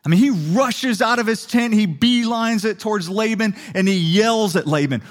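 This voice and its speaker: Young male pastor, lively storytelling sermon, voice a bit high. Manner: animated storytelling preacher, quick asides.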